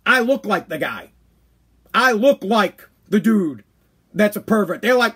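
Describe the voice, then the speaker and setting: A man's voice: high voice, animated, moderate pace, a bit bright, husky. A man hosting his own podcast, ranting bluntly and crudely, with speech and mock voices. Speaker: podcast host. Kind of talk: ranting commentary.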